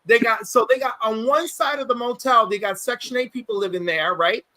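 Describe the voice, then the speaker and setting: A man hosting a livestream, telling stories in a casual, animated way and acting out quotes. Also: very high-pitched, fairly quick, no echo, rough recording. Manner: animated, acts out quotes, many restarts. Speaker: livestream host. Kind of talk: casual storytelling chat.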